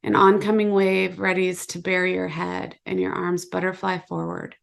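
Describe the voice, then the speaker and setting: A woman author giving a measured, low-key reading of her own short story. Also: completely flat delivery, gravelly. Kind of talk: literary reading, second person.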